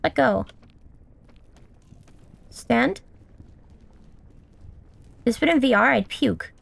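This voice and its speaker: A woman's voice: fairly high pitch, animated, extremely slow, vocal fry, no echo. Swearing, exasperated young woman streamer. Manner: exasperated, swears often, talks to the game character. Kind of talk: casual gameplay commentary.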